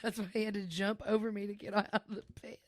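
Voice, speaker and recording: A young woman co-hosting a casual podcast, telling stories in an animated way and laughing often. Her voice sits at an ordinary middle pitch. She talks loosely and keeps the tale rolling. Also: quick pace, no room sound. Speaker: podcast co-host. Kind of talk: casual chat.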